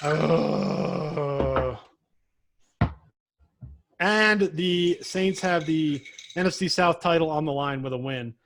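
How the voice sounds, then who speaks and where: A young man with a notably high voice co-hosts a casual sports podcast. He moves the talk along through game picks and laughs easily between points. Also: normal speed, fairly bright tone, slight background noise. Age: young adult. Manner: laughs often, runs the picks. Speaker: co-host.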